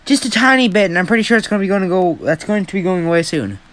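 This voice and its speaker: A man's voice: high voice, animated, very fast, a bit bright. A young man who hosts a fan-story channel, telling an improvised story in a rambling, self-deprecating way with a lot of swearing.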